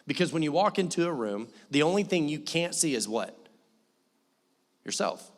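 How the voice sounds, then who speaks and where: Male pastor, young, animated, joking storytelling, higher voice, long hall reverb. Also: normal speed. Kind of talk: sermon. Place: church hall.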